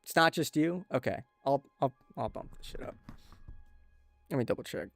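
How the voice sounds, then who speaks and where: With a mid-range voice, lively intonation and some vocal fry, a young man speaks at a normal speed while hosting a casual livestream. He rambles, swears and talks to chat through a compressed desk mic, with no echo and soft music in the background.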